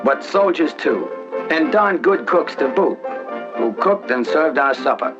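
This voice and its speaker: Man, 1940s documentary narration, wry folksy wisecracks, fairly high lively voice, dull lo-fi film sound with music. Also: unhurried.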